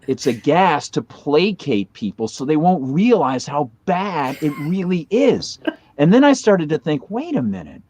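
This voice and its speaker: A man's voice: fairly high pitch, expressive, a little slow, darkish tone. A man in his fifties, a podcast guest telling a long story in a casual, rambling way, with restarts and chuckles along the way.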